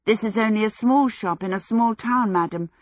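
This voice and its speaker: A woman's voice: a little high, moderate pace, dry recording, studio quality, lightly acted. Timid storybook shop girl, quavery; woman narrator voicing her. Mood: indignant. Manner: flustered, quavering. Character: young female hat-shop girl, timid. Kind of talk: audiobook character voice.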